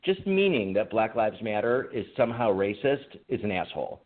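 A man's voice: fairly low pitch, very animated, moderate pace. A man co-hosting a podcast, chatting casually in a rambling, joking way and laughing often. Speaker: podcast co-host. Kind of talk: casual chat. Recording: phone-like call audio.

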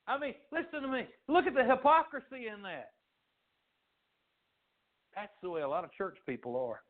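A man preaching a sermon, swinging his pitch dramatically and acting out the voices of the people he quotes. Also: normal speed, long pauses. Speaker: pastor. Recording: tinny phone-like sound.

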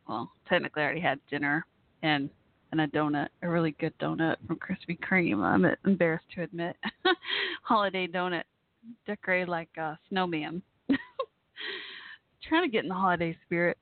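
A woman's voice: lowish voice, no room sound. Woman, radio host, casual chat, giggly, effusive, tinny phone-like sound, dry. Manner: chatty, giggly, effusive with listeners. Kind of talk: casual live call-in chat.

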